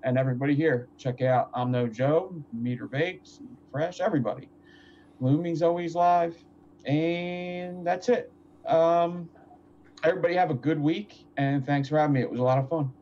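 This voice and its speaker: A man guesting on a vaping livestream, chatting casually and listing shout-outs. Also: on the high side, moderate pace, highs cut off, a little hiss or hum. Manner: laughs often, lists shout-outs. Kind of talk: casual banter and sign-off plugs.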